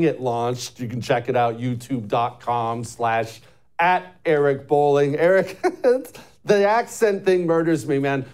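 A man hosting a political talk show, lively and mocking, laughing often. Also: a little high, clear, resonant tone.

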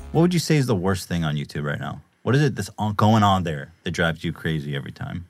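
Young male podcast host, very deep voice, crude and jokey, faint music behind. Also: fast, hardly any pauses. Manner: crude, joking, animated. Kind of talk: casual podcast chat.

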